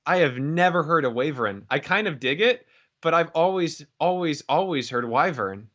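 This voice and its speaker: A man's voice: fairly high pitch, moderate pace, a bit bright. Man, podcast co-host, casual chat, wry, thoughtful, dull lo-fi recording. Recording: dull lo-fi sound.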